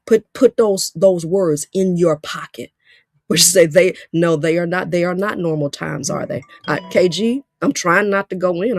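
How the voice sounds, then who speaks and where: A woman's voice: fairly low pitch, measured pace, dry recording. Emphatic, preachy woman coach, dry sound. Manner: preachy, emphatic, repeats phrases. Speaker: career coach. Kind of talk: live-stream coaching talk.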